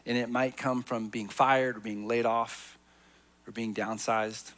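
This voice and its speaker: A man preaching a sermon as pastor, telling a personal story in an earnest voice that swings from hushed to emphatic. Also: mid-range voice, flat delivery, measured pace.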